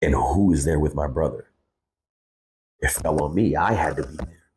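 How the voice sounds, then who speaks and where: A man's voice: a bass voice, moderate pace, darkish tone, slight background noise. A man in his thirties, a guest on a podcast, telling a personal story candidly, cursing freely and calling people bro. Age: 30s. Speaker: guest, hip-hop artist.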